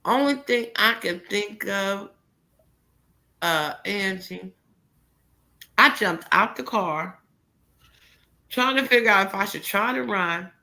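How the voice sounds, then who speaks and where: A middle-aged woman casually telling a personal story, animated and laughing, jumping into high voices for quotes. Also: slow, vocal fry, pauses often, low-quality recording.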